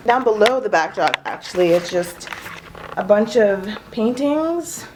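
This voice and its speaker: A woman's voice: mid-range voice, expressive, normal speed, music in the background. A young woman giving a casual, self-mocking tour of her home art studio, chatty and giggly. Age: young adult. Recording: echoey room.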